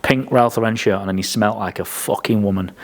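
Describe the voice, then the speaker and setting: A man's voice: on the low side, a little fast, background noise. Blunt, sweary man telling stories. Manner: blunt, sweary storyteller who acts out quotes. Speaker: podcast speaker. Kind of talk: casual podcast chat.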